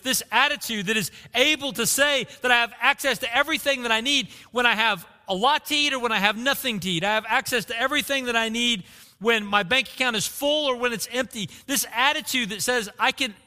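High bright-voiced pastor preaching. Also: male voice, a little fast. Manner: repeats key phrases, rhetorical questions. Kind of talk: sermon. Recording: long reverb of a church hall.

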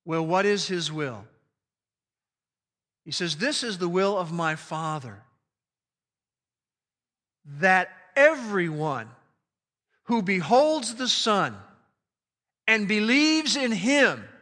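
A man preaching a sermon, slowing down and stressing key phrases with emphatic delivery. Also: high voice, bright, forceful tone, in a large hall. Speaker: pastor.

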